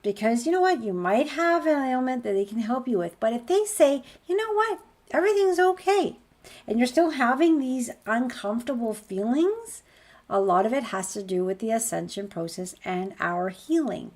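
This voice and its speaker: A woman's voice: fairly high pitch, animated, normal speed. Earnest woman giving a spiritual pep talk. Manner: earnest, repetitive, rhetorical questions. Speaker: spiritual healer promoting a course.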